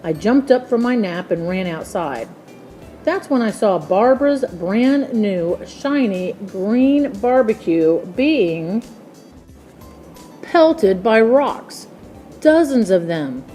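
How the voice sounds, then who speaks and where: A woman reading a children's book aloud in a slow, expressive storytelling manner. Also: medium pitch, soft background music.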